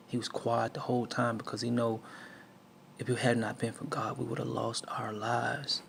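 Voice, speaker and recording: A man's voice: medium pitch, completely flat delivery, brisk, vocal fry, fairly bright tone, slight background noise. A man from the southern United States telling a personal testimony in a preaching tone, with many restarts and fillers. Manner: storytelling with many restarts and fillers, acts out quotes. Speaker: speaker sharing a life lesson.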